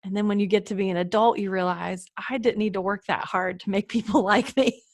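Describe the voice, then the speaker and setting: A young woman hosts a casual podcast interview, chatting and laughing easily. Her voice sits at an ordinary middle pitch. It is recorded close and dry, with no room sound. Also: fairly even intonation, brisk, no echo. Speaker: podcast host.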